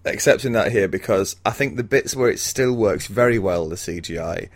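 A man with a low voice chats casually about films on a podcast. He laughs often and hesitates with plenty of ums. He sounds like he is in his thirties. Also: moderate pace. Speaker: podcast co-host. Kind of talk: casual film podcast chat.

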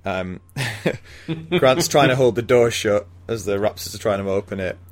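A man's voice: lowish voice, expressive, unhurried. A man casually recapping a film plot for a podcast, rambling with ums and little laughs. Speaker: podcast co-host.

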